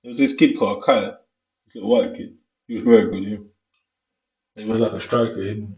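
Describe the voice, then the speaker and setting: In an echoey room, captured by a dull, far-off mic, a young Jamaican man vlogs in his Jamaican accent. His lowish, darkish voice stays steady as he spins a long, meandering story, slangy and relaxed.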